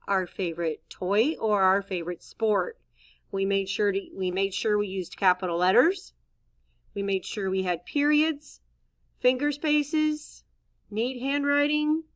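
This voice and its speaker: A woman's voice: mid-range voice, fairly bright tone. A woman teacher giving a recorded writing lesson for young children, patiently thinking aloud as she models each sentence. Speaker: elementary school teacher.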